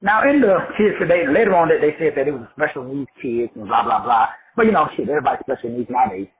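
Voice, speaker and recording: A man rambles through a profane motivational talk, swinging his high voice up and down like a street preacher. The sound is thin and phone-like. A faint hiss sits under it. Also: animated, fast talker. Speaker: motivational speaker. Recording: tinny phone-like audio with faint background noise.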